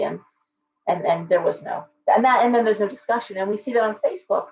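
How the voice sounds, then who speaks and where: A woman's voice: mid-range voice, fairly quick, pauses often, a little mellow, dull audio. Chatty middle-aged woman on a livestream. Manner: chatty, digressive, talks back to viewer comments. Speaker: shop owner hosting a livestream. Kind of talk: casual livestream chat.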